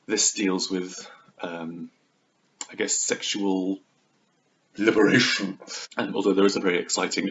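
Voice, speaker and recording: Brief: lower-voiced man, theatrical book vlogger, muffled lo-fi recording. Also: measured pace, pauses often, a bit bright. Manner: chatty and theatrical, slipping into exaggerated quoted voices. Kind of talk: casual book review vlog. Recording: dull lo-fi recording.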